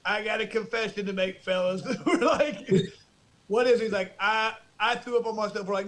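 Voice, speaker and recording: A man on a podcast telling a story in an animated way. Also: high-pitched, brisk. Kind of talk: casual podcast chat.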